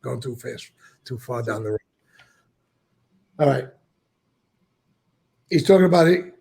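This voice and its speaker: He's an older New York man, formerly in the mob, chatting in an interview and acting out quotes from his stories. The voice is mid-range, darkish, animated and unhurried, with a gravelly, profane edge.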